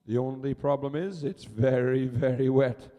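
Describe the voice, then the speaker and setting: A man giving brisk, chatty live commentary as the arena announcer, urging officials along and calling the race. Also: medium pitch, steady tone, long reverb tail, highs cut off. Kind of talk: live sports commentary over a public address.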